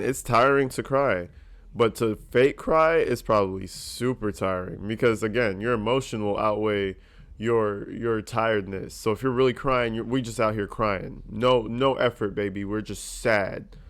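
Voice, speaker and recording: A man giving casual, joking reaction commentary, peppered with cursing and animated asides. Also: on the low side, unhurried.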